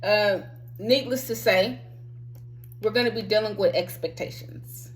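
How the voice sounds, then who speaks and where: A woman's voice: mid-range voice, unhurried, a little hiss or hum, poor audio. A woman hosting a spiritual self-help talk, preaching emphatically with frequent swearing and sudden outbursts.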